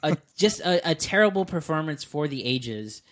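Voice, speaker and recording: A man co-hosting a movie podcast in casual chat, animated and laughing often as he pans a bad film. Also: fairly high pitch, normal speed. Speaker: podcast co-host, film critic.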